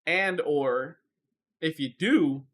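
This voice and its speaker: A man co-hosting a casual movie review podcast, animated and quick to chime in. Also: on the high side. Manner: animated, chiming in. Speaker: podcast co-host.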